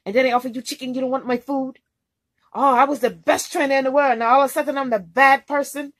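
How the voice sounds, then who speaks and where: A woman voicing an angry, shouting male truck trainer with a shrill, screaming delivery. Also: steady tone, fast talker. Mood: indignant.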